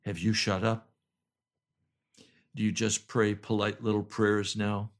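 An older male pastor, slightly hoarse, preaching a fervent sermon that swings between loud pleading cries and low, intense urging. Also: little pitch movement, slow. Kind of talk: impassioned home sermon video.

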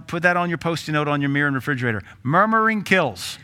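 Blunt, bright-voiced pastor preaching. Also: male voice, a little high, animated, fast talker. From Tennessee. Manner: blunt, humorous preaching with rhetorical questions; laughs between points. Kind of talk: sermon.

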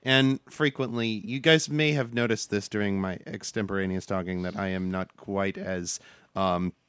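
Low-voiced man hosting a podcast. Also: steady tone, normal speed, fairly bright tone, clear, resonant tone, no room sound. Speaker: podcast host. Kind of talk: casual chat.

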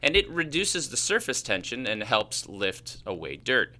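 Bright-voiced man with a Chicago accent. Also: mid-range voice, very animated, unhurried. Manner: explanatory, laughs easily. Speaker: podcast co-host. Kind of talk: casual science chat.

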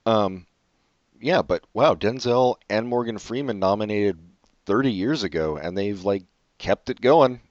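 A man with a very low voice chatting casually about films, wandering through his thoughts and cursing at his own slips. The sound is dry and a bit dull and lo-fi. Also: unhurried, dry recording. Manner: rambling, trailing off, swears at slips. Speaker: podcast co-host. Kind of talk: casual film chat.

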